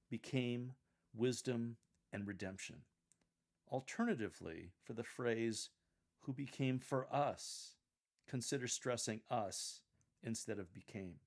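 A man calmly coaching church readers on how to deliver a scripture reading, in a measured, explanatory way. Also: mid-range voice. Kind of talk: instructional coaching on reading aloud.

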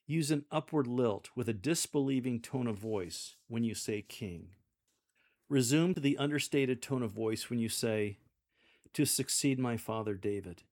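A man giving measured, deliberate instructions on how to read scripture aloud to a congregation. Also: mid-range voice, darkish tone. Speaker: lector coach. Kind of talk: instructional coaching on scripture reading.

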